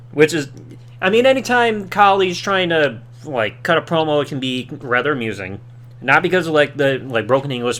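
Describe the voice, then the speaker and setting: A man's voice: on the high side, fairly bright tone. A man hosting a podcast, recapping a wrestling show in casual commentary with sarcastic asides and mocking quoted voices. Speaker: podcast host.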